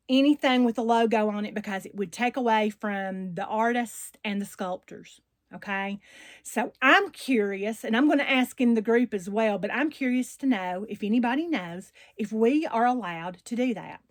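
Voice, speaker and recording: A woman's voice: fairly high pitch, no echo. Chatty Southern woman with a country drawl. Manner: chatty and rambling, warm Southern slang. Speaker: doll channel host. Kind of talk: casual chat to viewers.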